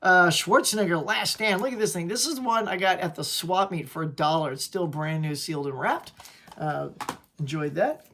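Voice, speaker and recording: A man's voice: sits high, normal speed, sharp tone. Chatty man showing off his movie shelves. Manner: chatty, upbeat, peppered with "y'all". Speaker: channel host. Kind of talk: casual collection show-and-tell.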